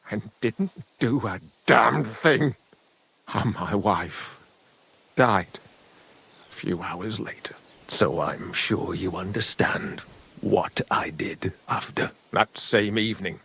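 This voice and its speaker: A husky-voiced village father from a medieval game, grieving his son and bitter toward the midwife he blames. He talks slowly, brooding over each phrase before flaring into anger. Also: medium pitch, a bit bright, heavily acted. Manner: slow, brooding, rising to angry bursts.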